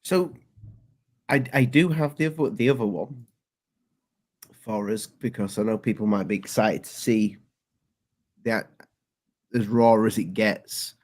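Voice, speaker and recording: A man co-hosting a casual podcast chat, talking haltingly and restarting his sentences. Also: on the low side. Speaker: co-host.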